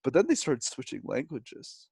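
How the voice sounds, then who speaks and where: Man, from Canada, podcast guest, animated, joking, mid pitch, dry recording. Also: normal speed, gravelly, husky, dry recording. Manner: animated storyteller, jokey. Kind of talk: casual interview chat.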